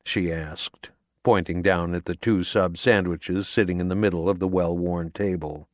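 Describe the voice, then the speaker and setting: A man narrating an audiobook in a measured, steady storytelling manner, recorded in a voice-over booth. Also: low voice, dry recording, studio quality. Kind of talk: scripted narration.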